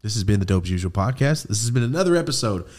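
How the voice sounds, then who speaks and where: A man's voice: lowish voice, lively intonation, rapid-fire, a little mellow. A young adult man co-hosting a podcast, rambling and joking in casual chat, swearing freely. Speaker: podcast co-host.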